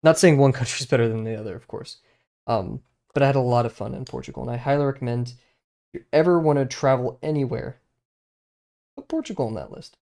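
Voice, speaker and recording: A man's voice: mid-range voice, quick pace, vocal fry, darkish tone. A young man, chatting casually on a live stream while he draws, rambling with many fillers and restarts.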